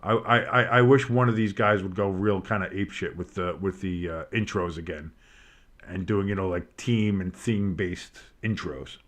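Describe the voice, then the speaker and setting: A man giving casual play-by-play commentary on a game, rambling and swearing between plays and bursting out with excitement on big ones. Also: deep voice, normal speed. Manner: rambling, swears, breaks off into nostalgic tangents. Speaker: play-by-play streamer.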